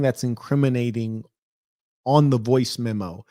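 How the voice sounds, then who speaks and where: This reaction-video host speaks at normal speed in a lowish, darkish, animated voice. The recording is dry with clean studio sound, and his commentary is emphatic, indignant, and rambling.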